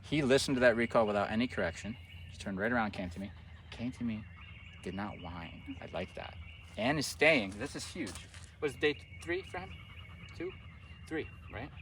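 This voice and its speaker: Male dog trainer, mid-pitched, explanatory, asks "right?" a lot; outdoor take, distant mic. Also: expressive, normal speed, fairly bright tone. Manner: explanatory, often checks in with "right?". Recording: distant mic outdoors, faint background noise.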